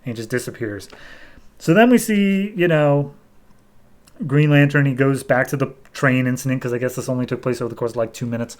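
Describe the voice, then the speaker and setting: A man's voice: medium pitch, a little fast. A man hosting a podcast, recapping a comic book in a loose, chatty way and paraphrasing what the characters say. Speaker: podcast host.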